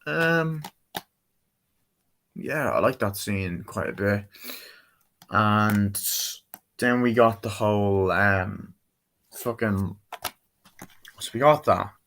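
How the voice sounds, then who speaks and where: A man's voice: on the low side, drawn-out words, long pauses, fairly bright tone, a little hiss or hum. A man giving a casual, rambling movie review, loose and full of fillers, swearing now and then.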